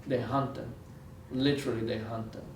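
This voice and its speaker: A man's voice: medium pitch, flat delivery, moderate pace, echoey room, slight background noise. A man from Israel giving a lecture, telling stories earnestly and repeating phrases for weight, recorded from far off in a university lecture room. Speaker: guest lecturer. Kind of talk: storytelling lecture.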